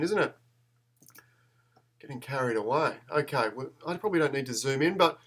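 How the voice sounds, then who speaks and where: A man, chatting in a rambling, self-deprecating way as he hosts a live photo-editing tutorial stream. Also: mid-range voice.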